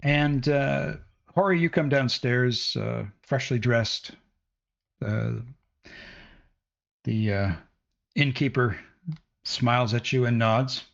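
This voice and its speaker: Slow-talking game master, man. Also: medium pitch, creaky, fairly bright tone, lo-fi sound. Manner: slow narration with frequent fillers. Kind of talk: narrating a tabletop game.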